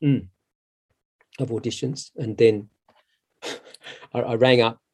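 A middle-aged man, a stage actor, telling a long anecdote in a casual, halting way with many restarts. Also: mid-range voice, fairly even intonation, husky. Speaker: musical theatre actor, interview guest.

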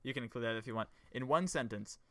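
A man's voice: mid-range voice, fast talker, fairly bright tone, no room sound. A man co-hosting a casual podcast chat, talking ideas through in a thoughtful, analytical way. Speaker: podcast co-host.

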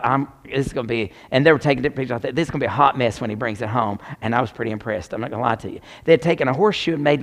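A man preaching a sermon, animated and joking as he talks straight to the congregation. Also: mid-range voice, vocal fry.

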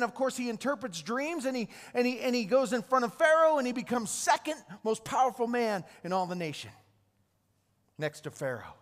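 A man's voice: very high-pitched, a bit bright. A man preaching a sermon, retelling Bible stories with restarts and repeated words. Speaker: pastor. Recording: long hall reverb.

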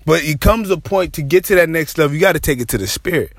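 A man preaching an impassioned sermon, repeating phrases with dramatic pauses and sometimes slipping into a half-sung cry. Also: a little high, lively intonation, no echo.

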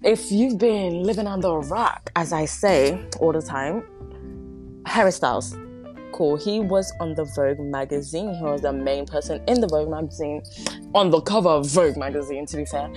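A young podcast host speaks at a moderate pace in a low-pitched voice from her home, rambling and giggling while stumbling over words and putting herself down. There's no microphone near her, just a phone or device, and the unedited recording has pop music playing softly in the background.

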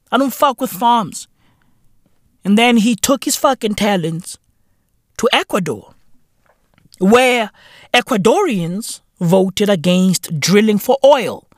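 A man's voice: sits high, no echo, studio quality. A man hosting a profane satirical comedy monologue, sarcastic and drawling, slipping into asides. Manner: drawling, sarcastic, heavy swearing, drops to whispers. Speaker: comedy podcast host.

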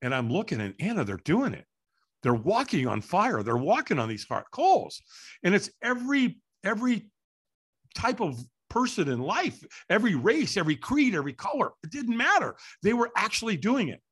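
A middle-aged man, a guest in an interview, telling a story with energy and acting out the voices and shouts of the people in it. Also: high voice, moderate pace, slightly rough. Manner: lively, acts out quoted voices and shouts. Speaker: interview guest, firewalk instructor.

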